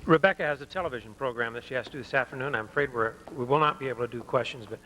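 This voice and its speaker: A man hosting a college forum, quickly thanking the audience and apologizing that there will be no questions. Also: mid-range voice, bright, forceful tone. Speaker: forum host. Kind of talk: closing announcement. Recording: reverberant hall, faint noise.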